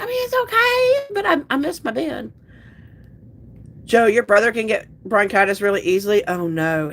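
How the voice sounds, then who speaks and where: A woman's voice: medium pitch, fairly bright tone. A woman hosts a casual livestream, chatting loosely with viewers and reading out their comments. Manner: chatty, rambling, restarts sentences. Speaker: livestream host.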